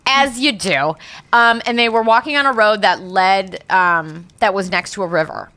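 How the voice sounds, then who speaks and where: A woman co-hosting a podcast, telling a ghost legend in casual chat with lively, profane asides. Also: mid-range voice, moderate pace, no room sound. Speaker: podcast co-host, storyteller.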